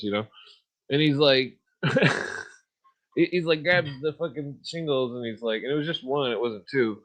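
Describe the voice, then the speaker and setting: A man's voice: medium pitch, moderate pace, pauses often, a bit bright, rough recording. A man hosting a podcast, talking in a rambling, profane monologue and laughing at his own stories. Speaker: podcast host.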